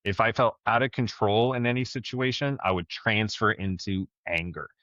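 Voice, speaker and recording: Low-voiced reflective man, slightly dull audio. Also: normal speed, sharp tone, no echo. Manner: open, reflective, speaks about personal struggles. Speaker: podcast co-host. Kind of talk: candid conversation.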